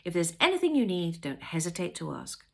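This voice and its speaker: A woman's voice: lowish voice, wildly swooping pitch, a little fast, gravelly, breathy edge, heavily acted. A woman reading aloud, voicing an eager young male estate agent with a polished sales patter. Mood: smooth.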